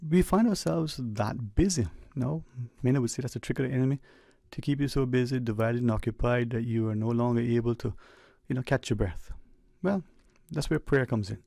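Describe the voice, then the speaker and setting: A man's voice: medium pitch, vocal fry, mellow, no echo, studio quality. A man hosting a talk radio show, giving a reflective, preachy monologue in a conversational way. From Cayman Islands. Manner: conversational, preachy, speeds up and slows down for emphasis. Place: radio studio. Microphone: studio microphone.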